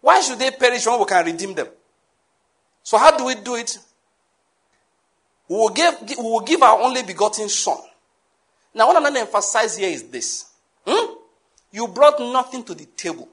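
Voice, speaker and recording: A man preaching a sermon, emphatic, repeating key phrases and sometimes bursting into shouts. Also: extremely high pitch, sing-song, normal speed, long pauses.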